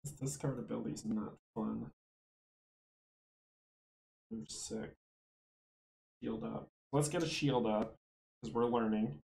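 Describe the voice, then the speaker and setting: A man's voice: medium pitch, lively intonation, slow, vocal fry, long pauses, a little mellow, roomy sound, rough recording. A man playing a tabletop board game solo, thinking aloud, counting out moves and chuckling often.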